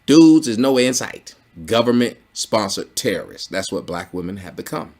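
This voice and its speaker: A man hosting a commentary video, ranting in a blunt, profane, mocking way that swings from low grumbling to loud exclamations. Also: lively intonation, moderate pace. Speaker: commentary channel host.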